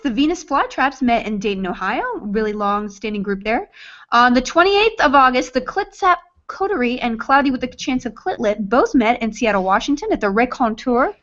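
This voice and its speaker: A woman's voice: fairly high pitch, a bit bright. A woman hosting an online book club hangout, chatty and casually announcing meetups with playful asides over a video call. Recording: dull lo-fi video call audio.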